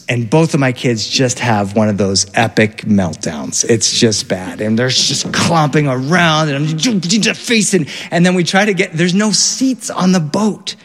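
A man telling a personal story, animated, swinging between excited bursts and hushed moments. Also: medium pitch, moderate pace, hardly any pauses, long reverb tail.

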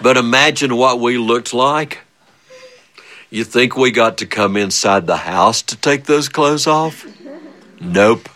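A man telling a funny childhood story, animated and chuckling often, with big swings of voice. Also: medium pitch, slow. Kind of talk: spoken storytelling.

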